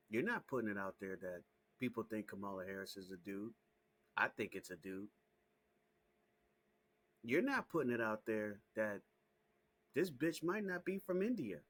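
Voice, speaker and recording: A man hosting his own small channel, ranting straight to camera in a heated, profane, repetitive way that climbs into shouting. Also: lowish voice, slightly rough. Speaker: small YouTube channel host. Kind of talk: casual direct-to-camera rant.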